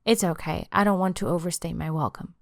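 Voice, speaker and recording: A woman reading the lines of a gentle young man in an audiobook, speaking softly and steadily. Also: fairly low pitch, fairly even intonation, fairly quick, no echo, studio quality, natural voice. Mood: calm.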